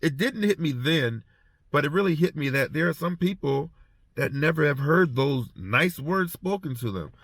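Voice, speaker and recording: A man's voice: on the high side, expressive, fairly bright tone, no room sound. A former prison officer talking through a casual spoken reflection, a man who halts and repeats words as he tells stories. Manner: halting, repeats words while storytelling. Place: heading home after treatment.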